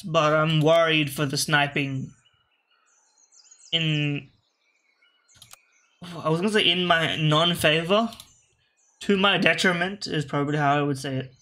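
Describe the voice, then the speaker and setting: A man with a slightly high, bright and forceful voice thinks aloud through a video game match. He rambles casually, corrects himself mid-sentence and chats to his own game pieces as if they were teammates. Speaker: gaming video host. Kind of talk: casual gameplay commentary.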